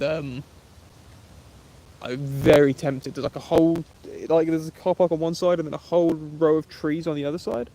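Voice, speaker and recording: A young Englishman talks casually to his live-stream viewers. His voice sits slightly high for a man, and he is loose and chatty, throwing in mate and bro as he answers comments. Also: dark tone, a little hiss or hum. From England. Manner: chatty and laid-back, says "mate" and "bro". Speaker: YouTube camping livestreamer.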